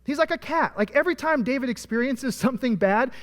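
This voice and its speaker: Male preacher, high pitch, storytelling sermon that acts out characters' lines, reverberant church hall. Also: lively intonation, quick pace. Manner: storytelling, acting out voices of biblical figures. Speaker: pastor. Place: church auditorium.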